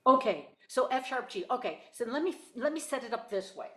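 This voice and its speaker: A woman's voice: fairly high pitch, big pitch swings, fairly quick. A woman teaching a one-on-one singing lesson, explaining exercises and demonstrating them in an encouraging way. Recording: echoey room with piano.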